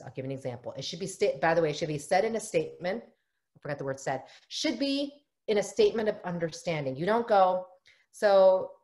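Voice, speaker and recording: A middle-aged woman family therapist leads a workshop for parents, her voice sitting a little low. She talks with energy and slips into quick acted-out lines for parents and children. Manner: lively, often acts out parent and child in quoted lines. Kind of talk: live online workshop talk.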